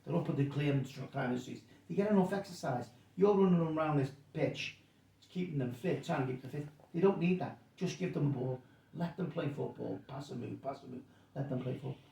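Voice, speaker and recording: A man's voice: a little fast, vocal fry, mellow. A man putting on a blunt, kindly old football manager. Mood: advising. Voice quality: deep accent. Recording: roomy sound, distant mic.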